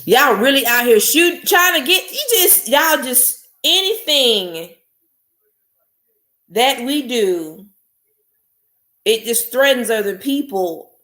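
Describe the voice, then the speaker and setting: A woman's voice: high voice, fairly bright tone. A woman hosting a live stream, ranting angrily and bluntly with profanity while greeting chat viewers. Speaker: podcast host. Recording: echoey room.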